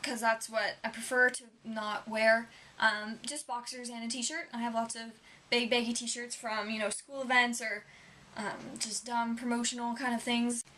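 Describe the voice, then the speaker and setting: Bright-voiced young woman chatting. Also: on the high side, flat delivery, moderate pace. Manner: rambling, chatty, lots of "um" and "like". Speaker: vlogger. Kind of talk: casual chat to camera.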